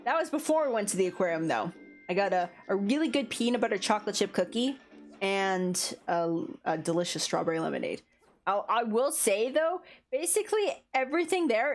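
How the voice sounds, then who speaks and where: A young woman streaming, chatting casually about her day with frequent fillers, giggles, and playful silly voices. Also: fairly high pitch. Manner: giggly, rambling, many fillers; animated, playful voices in quoted bits. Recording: faint background music.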